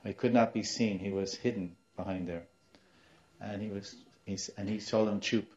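Brief: male spiritual teacher, animated storyteller, lowish voice, muffled lo-fi tape. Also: moderate pace. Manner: animated, acts out quoted voices, laughs now and then. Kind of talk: storytelling sermon.

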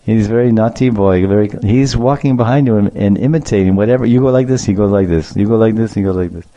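A man's voice: fairly low pitch, fast, dark tone, lightly acted. A man voicing a young male student who hesitantly tells on a classmate. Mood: tattling. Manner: hesitant, tattling.

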